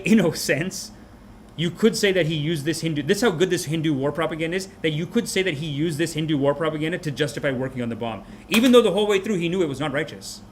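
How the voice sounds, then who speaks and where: A man hosting a podcast, delivering a comic rant of a movie review in an animated, mocking way. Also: fairly high pitch, slight background noise. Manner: animated, mocking, puts on quick character voices. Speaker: podcast host.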